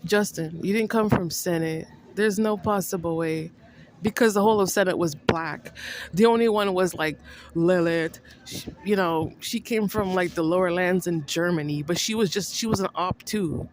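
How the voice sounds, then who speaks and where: A woman's voice: lowish voice, poor audio. Rambling, accusing woman vlogger. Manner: accusing, repetitive, addresses an absent person by name; halting, with many restarts and fillers. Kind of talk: rambling monologue to the camera.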